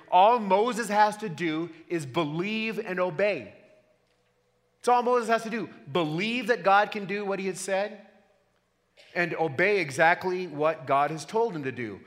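A man's voice: high voice, a bit bright. A man preaching a sermon to his church, earnest and emphatic, often putting questions to the congregation. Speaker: pastor. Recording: long hall reverb.

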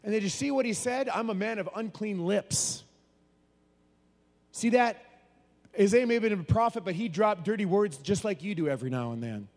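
A man preaching a sermon, moving between hushed, low passages and loud, animated bursts. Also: fast. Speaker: pastor. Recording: long hall reverb.

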